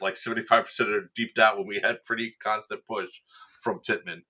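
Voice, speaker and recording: On a podcast, an event staff member chats casually about a game he worked, telling it animatedly and acting out what people said with laughs. His voice is on the low side, and he talks a little fast.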